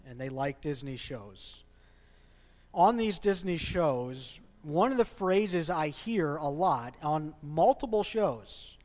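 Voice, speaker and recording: A male pastor in his thirties preaching a sermon with passion, pushing hard on his key points. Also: on the high side. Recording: long hall reverb.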